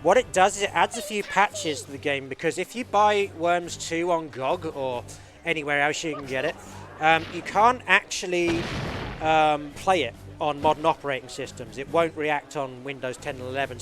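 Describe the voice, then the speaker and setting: A speedrunner talking through his own game run live, explaining each move in a steady, easy way with many fillers. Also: a little high, normal speed, music in the background.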